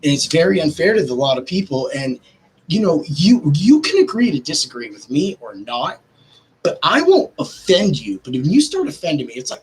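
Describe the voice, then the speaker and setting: A man hosting a podcast, ranting casually and swearing, his pitch jumping up when he gets worked up. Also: very animated, moderate pace, a little mellow, low-quality recording. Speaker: podcast host.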